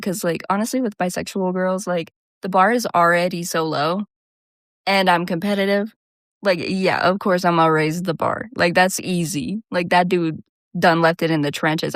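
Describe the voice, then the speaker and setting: A woman's voice: fairly low pitch, no room sound, studio quality. Laughing woman telling casual stories. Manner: animated, laughs often, slips into quoted voices. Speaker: host. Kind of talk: casual storytelling monologue.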